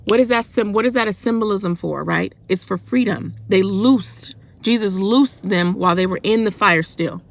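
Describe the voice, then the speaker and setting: A woman giving a fervent, colloquial devotional talk for her faith vlog. She speaks loudly and in a worked-up way, and keeps asking rhetorical questions. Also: mid-range voice, moderate pace, vocal fry, few pauses. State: loud and worked up. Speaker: faith vlogger.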